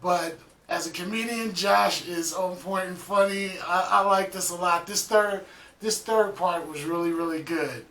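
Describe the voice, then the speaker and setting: A man's voice: sits high, measured pace, distant mic. A man hosting a reaction video, chatting casually about the clip he just watched. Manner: relaxed, chatty, repeats himself. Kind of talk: casual commentary. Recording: echoey room, off-mic.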